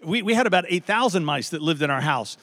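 Middle-aged pastor, high voice, hall echo. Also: male voice, quick pace. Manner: animated, conversational, asks "right?" often. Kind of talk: storytelling sermon. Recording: long hall reverb.

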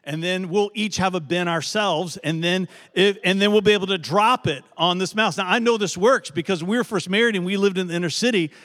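A middle-aged male pastor telling a story in a sermon, animated and conversational, often asking his audience "right?". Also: high voice, brisk, hardly any pauses. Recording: long hall reverb.

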